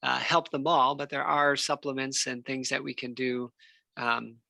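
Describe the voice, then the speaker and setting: A man, a physical therapist giving a relaxed, unscripted health talk full of fillers and restarts. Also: mid-range voice, a little slow, creaky, no room sound. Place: church hall.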